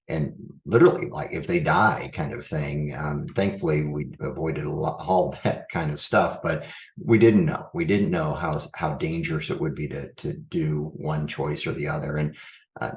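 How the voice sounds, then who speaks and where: Deep-voiced man in an echoey room. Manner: earnest, thinks aloud with frequent restarts. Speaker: school superintendent guest. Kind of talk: reflective interview answers.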